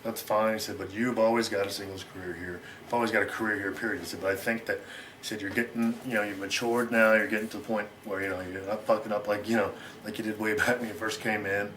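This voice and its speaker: A middle-aged American man in a sit-down interview, telling a long story in a rapid, rambling way and acting out what others said. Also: lowish voice, level tone, fairly bright tone, slight background noise. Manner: rapid, rambling, acts out quoted lines.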